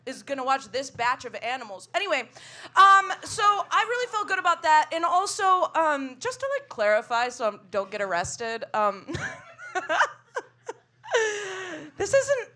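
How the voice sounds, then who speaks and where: Bright, high-voiced woman, giggly. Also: very animated, unhurried. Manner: giggly, self-deprecating, rambling. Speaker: comedy contestant. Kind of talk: casual chat and sketch acting.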